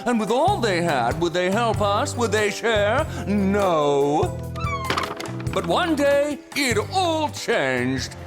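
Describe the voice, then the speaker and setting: A pompous alien bird leader. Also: male voice, sits high, very animated, takes it slowly, exaggerated voice. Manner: formal, pompous. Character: prim, pompous male flamingo-like alien leader. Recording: music underneath.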